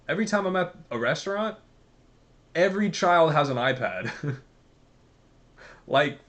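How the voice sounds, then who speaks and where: Man ranting sarcastically, profane, mid-pitch. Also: a bit bright. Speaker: commentary vlogger. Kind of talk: casual ranting commentary.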